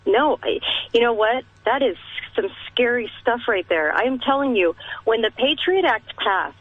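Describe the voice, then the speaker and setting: A woman's voice: a little high, expressive, moderate pace, no room sound. A woman talking on a radio show, emphatic and impassioned, often restarting her sentences, heard over a phone line. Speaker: radio talk guest. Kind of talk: radio talk discussion. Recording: dry tinny phone line.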